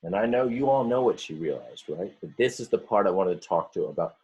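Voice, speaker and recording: Animated, husky-voiced male teacher. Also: low voice, brisk. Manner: animated, stretching words and acting out story voices; stops often to explain and talk to the class. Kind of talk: reading a picture book aloud to students.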